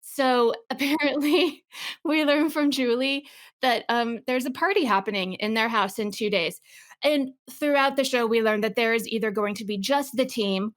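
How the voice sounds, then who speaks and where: A woman in her thirties from Texas co-hosts a podcast, talking casually with animated emphasis. Her voice sits a little on the high side. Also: normal speed. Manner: animated, emphatic, jumps between points. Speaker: podcast co-host. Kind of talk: casual chat.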